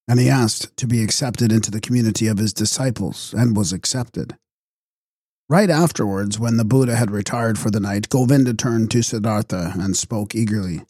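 Man, audiobook narrator, calm measured reading, mellow tone, dry sound. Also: fairly low pitch, slightly rough, no echo.

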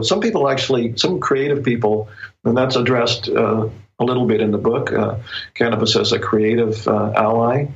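Brief: male author guest, lowish voice, slow reflective delivery with pauses, muffled lo-fi recording. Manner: reflective, thoughtful, pauses often to find words. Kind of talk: casual interview conversation.

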